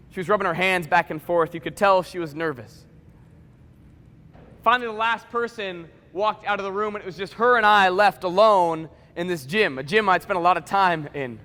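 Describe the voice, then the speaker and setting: A man in his twenties, a motivational speaker, telling stories at a school assembly in an animated, conversational way with comic asides. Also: high voice, moderate pace. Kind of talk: school assembly keynote storytelling. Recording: echoey school hall reverb.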